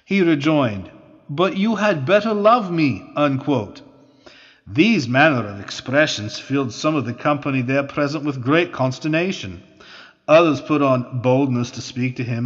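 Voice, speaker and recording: Male reader, measured formal delivery of an old account; dull lo-fi audio with long reverb. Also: a little high. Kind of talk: reading aloud a historical account.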